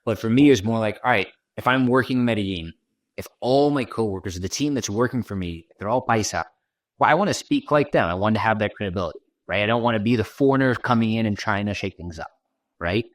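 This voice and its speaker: A man's voice: lowish voice, fast, dry recording. A man from Washington D.C. talking through his thoughts in a podcast interview, often checking in with "right?". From Washington D.C., United States. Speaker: guest content creator.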